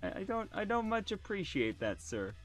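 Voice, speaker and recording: A man's voice: sits high, sing-song, normal speed. Shrieking, panicky man gaming. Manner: panicky shrieking and nervous laughter. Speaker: streamer. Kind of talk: horror game let's play. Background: game music.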